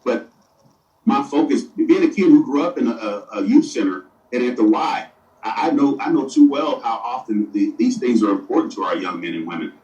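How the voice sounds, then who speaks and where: A man's voice: medium pitch, animated, normal speed, darkish tone, muffled recording, faint music behind. A middle-aged man, a city mayor, answering interview questions earnestly and often stumbling over and repeating his words, recorded far from the mic in an echoey room.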